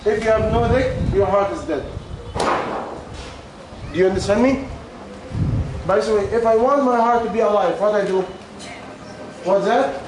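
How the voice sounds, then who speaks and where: A man with a high voice teaches a religious class at normal speed, pausing often and repeating questions to his students in simple, broken English. His voice is going as he leads the question-and-answer session. The recording is distant and very echoey, with ambient noise in the background.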